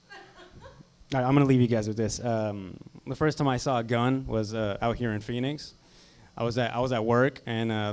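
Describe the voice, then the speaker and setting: A man in his twenties doing a stand-up set on a comedy club stage, with a dry, self-deprecating delivery into a handheld mic. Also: medium pitch. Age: 20s.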